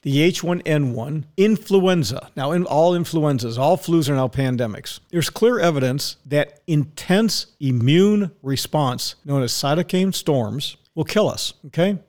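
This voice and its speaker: An older man holds forth alone on his podcast, his voice sitting a little high for a man. He talks in a heated, ranting way and swears freely. He is recorded in a studio. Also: expressive, unhurried, hardly any pauses, a little mellow. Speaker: podcast host. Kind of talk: solo podcast monologue.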